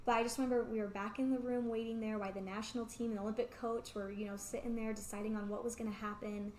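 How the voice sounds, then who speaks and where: A young woman with a slightly high voice tells a personal story as an interview guest, chatty and full of "like". Her voice echoes around the room, with a faint hum of ambience underneath. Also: flat delivery, fast talker, a little mellow. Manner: chatty, peppered with "like", acts out quoted remarks.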